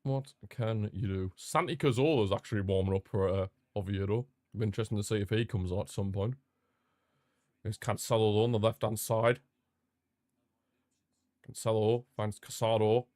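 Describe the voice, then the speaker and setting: A young man hosting a live football watchalong, chatting casually and repeating himself, with sudden bursts of excitement. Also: fairly low pitch, moderate pace, dry recording, clean studio sound. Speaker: watchalong host. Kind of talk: casual live match commentary.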